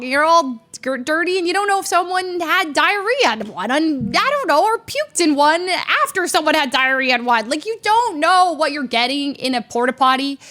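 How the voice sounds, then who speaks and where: A woman streamer telling stories in casual chat, animated and full of restarts, her voice a little worn from screaming. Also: high voice. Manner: animated storytelling with lots of restarts and acted quotes.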